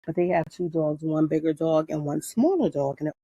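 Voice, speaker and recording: A middle-aged woman from New Jersey, hosting a podcast outdoors in her backyard garden and telling stories in a blunt, profane, animated way. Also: deep voice, fairly quick, breathy edge, dry recording. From Paterson, New Jersey. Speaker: podcast host. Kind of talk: casual unscripted chat.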